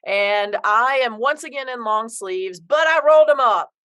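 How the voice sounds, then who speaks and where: A woman's voice: fairly high pitch, normal speed, a bit bright. A woman hosting a podcast interview, upbeat and friendly as she asks questions. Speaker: podcast host. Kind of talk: casual interview.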